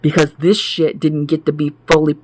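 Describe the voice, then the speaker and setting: A man's voice: fairly high pitch, flat delivery, moderate pace, a little mellow, rough recording. A man ranting to camera in an indoor room, heated, profane and emphatic, repeating his points. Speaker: vlogger.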